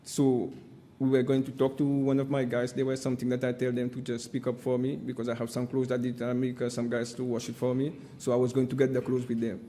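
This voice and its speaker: A witness at a public hearing speaks English. His voice is dark and warm, and he talks haltingly, filling pauses with "uh". He keeps pressing his point with an insistent "my friend". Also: mid-range voice, completely flat delivery. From Seychelles. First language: Seychellois Creole. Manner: halting, frequent "uh" fillers, insistent repeated "my friend". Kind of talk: testimony at a hearing.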